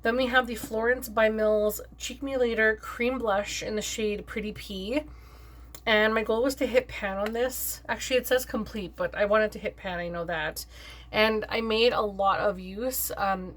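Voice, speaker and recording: A young adult woman chats through her makeup collection in a relaxed vlog, her voice sitting at an ordinary middle pitch. She sounds upbeat and talkative, dropping plenty of "like" and "um" as she goes. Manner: chatty and upbeat, with frequent "like" and "um". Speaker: beauty vlogger. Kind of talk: casual makeup review chat.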